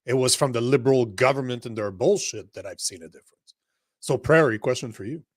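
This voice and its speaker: A man's voice: mid-range voice, a little fast, no room sound, clean studio sound. A young man co-hosting a casual political chat show, talking bluntly, cursing often and rambling while he addresses the live chat. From Canada. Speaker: podcast co-host.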